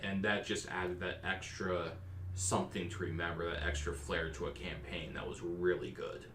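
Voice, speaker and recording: A man hosting a podcast and recounting tabletop campaigns he ran as game master in animated storytelling. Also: sits low, moderate pace, slight background noise. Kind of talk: casual podcast discussion. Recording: roomy echo.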